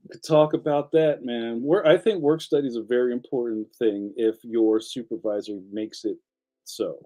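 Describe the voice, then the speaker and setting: A man hosting a relaxed live show, reading viewer comments out loud and reacting with easy laughter. His voice sits a bit high but has a mellow, soft tone. His pitch jumps up sharply when something surprises him. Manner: chatty, laughs often, animated pitch jumps. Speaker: livestream host.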